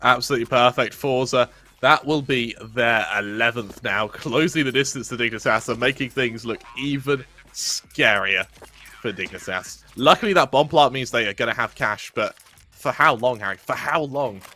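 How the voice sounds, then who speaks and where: A man co-casting a live esports match, giving quick analysis and laughing easily with his partner. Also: mid-range voice, pushed and bright. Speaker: esports caster.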